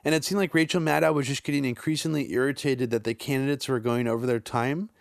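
A man's voice: mid-range voice, fairly even intonation, fast, vocal fry, no echo, clean studio sound. A man co-hosting a podcast, chatting casually and exasperated, slangy and swearing freely. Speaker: podcast co-host. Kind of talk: casual political chat.

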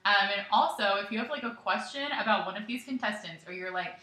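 A woman's voice: medium pitch, quick pace, sharp tone. Wry young woman podcast co-host. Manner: wry, joking, self-mocking. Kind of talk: casual chat. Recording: echoey room.

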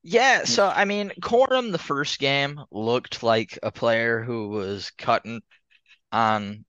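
A man's voice: medium pitch, animated, takes it slowly, fairly bright tone, smooth, dry recording. A man co-hosting a podcast, rambling through a casual sports chat and laughing between points. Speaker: podcast co-host. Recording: slightly muffled lo-fi audio.

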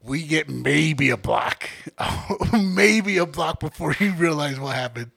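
A man's voice: on the high side, lively intonation, slow, creaky, fairly bright tone, slightly rough. A man in his twenties co-hosting a casual podcast, telling a story animatedly and acting out the quotes. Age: 20s. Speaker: podcast co-host.

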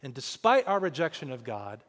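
A man from Kansas in his forties, a pastor preaching a sermon in an animated way, often repeating words as he starts a thought. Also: mid-range voice, moderate pace, long reverb tail. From Kansas, USA.

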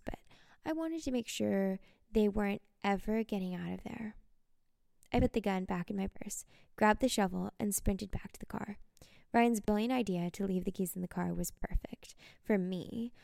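A woman narrating a dark first-person story in a cold, menacing, profane way. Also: mid-range voice, creaky, dry recording, studio quality.

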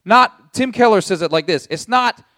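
A man's voice: high voice, normal speed, no room sound, studio quality. A man preaching a sermon as a pastor, telling the story vividly and speaking straight to his listeners. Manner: animated storytelling in second person.

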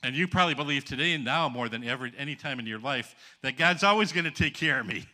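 A man's voice: mid-range voice, lively intonation, fast, pushed and bright. A man from the Upper Peninsula of Michigan preaching a sermon, telling folksy stories and calling out to the congregation for answers. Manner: folksy, jokes with the congregation and calls for responses.

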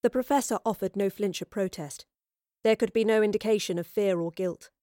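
Woman narrator, storybook reading, steady, even, dry close sound. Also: mid-range voice, a little fast, no room sound.

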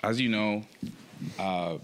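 A man with a Toronto accent hosts a casual podcast. His voice sits very low, and he teases his co-hosts, laughs often and chats with plenty of fillers. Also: slow pace, a little hiss or hum. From Canada. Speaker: podcast host. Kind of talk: casual chat.

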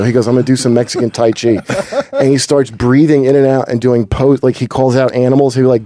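A man telling a deadpan anecdote in casual chat. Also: medium pitch, fast, a crowd in the background.

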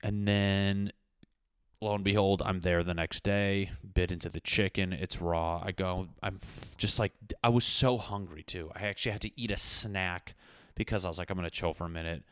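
A man's voice: low voice, steady tone, normal speed, a bit bright, clean tone, no echo, clean studio sound. A young man telling a rambling, profane, jokey story to his viewers. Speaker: vlogger. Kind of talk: casual storytelling to camera.

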